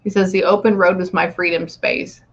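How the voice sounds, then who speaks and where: A woman's voice: on the low side, little pitch movement, moderate pace, slightly rough, lo-fi sound. A woman psychic medium in a casual reading session, relaying messages and often saying "okay" and "hang on".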